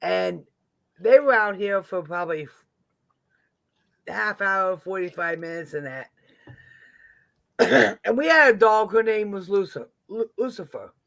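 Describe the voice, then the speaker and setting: A man's voice: sits high, lively intonation, unhurried, creaky, pauses often, fairly bright tone. A man telling a rambling, folksy story in casual conversation. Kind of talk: casual chat.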